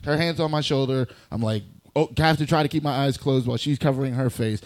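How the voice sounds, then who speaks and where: A man tells a long comedic story in a relaxed, profane, conversational way. His voice sits at an ordinary middle pitch. He jumps into quick voices for the people he quotes. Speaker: guest storyteller.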